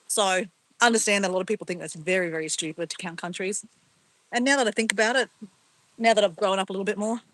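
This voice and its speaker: A woman's voice: medium pitch, a bit bright, no echo, poor audio. Bubbly Australian woman live streaming. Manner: chatty, bubbly, reacting to viewers. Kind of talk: casual live-stream chat.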